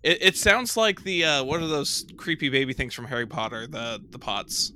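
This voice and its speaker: Male co-host, bright lively voice, halting delivery, faint room ambience. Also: medium pitch, a little hiss or hum. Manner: hesitant, restarts sentences. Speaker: podcast co-host. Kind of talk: casual film commentary chat.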